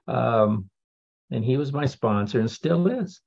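A man's voice: mid-range voice, vocal fry, a little mellow, slightly rough, lo-fi sound. A man giving a candid personal recovery talk in a wry storytelling manner, laughing now and then. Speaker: speaker sharing a recovery story.

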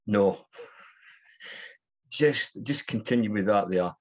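A man's voice: medium pitch, big pitch swings, moderate pace, long pauses. A middle-aged man, giving a candid, rambling personal recovery share full of fillers and restarts. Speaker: recovery meeting speaker.

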